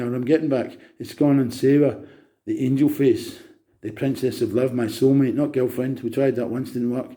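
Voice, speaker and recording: A man's voice: mid-range voice, mellow. A man, talking in a rambling, manic monologue that jumps between topics and turns preachy. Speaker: vlogger.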